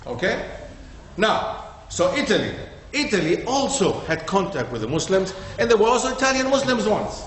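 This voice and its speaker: A man's voice: high-pitched, very animated, normal speed, fairly bright tone. A man giving an interactive talk to an audience, often quizzing them and checking with "okay?" as he goes. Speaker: lecturer. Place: community centre hall. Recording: echoey hall with faint noise.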